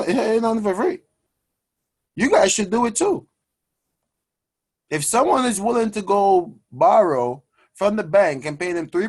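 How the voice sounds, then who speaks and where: A man hosting a personal finance show, talking to his audience in an energetic, preachy way and calling them guys. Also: high-pitched, breathy edge. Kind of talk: energetic motivational money talk.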